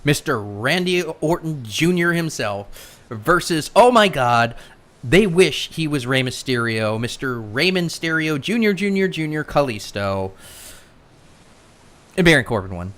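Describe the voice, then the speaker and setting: A woman's voice: sits low, expressive, normal speed. A woman hosting a casual chat podcast, sarcastic and rambling, often stuttering as she talks. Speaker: podcast host.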